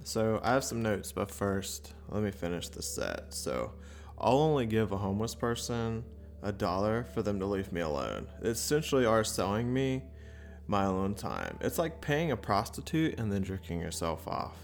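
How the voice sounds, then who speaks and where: A man's voice: fairly low pitch, very animated, moderate pace, creaky, echoey room, soft background music. A man doing stand-up comedy and recapping his set, profane, rambling and self-deprecating. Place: comedy club stage.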